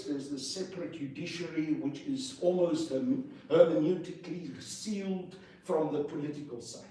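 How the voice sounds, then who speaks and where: A man, speaking as an interview guest in a forceful, indignant way, piling up rhetorical questions. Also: fairly high pitch, moderate pace, hardly any pauses. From South Africa. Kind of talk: impassioned political interview. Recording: echoey room, distant mic, faint noise.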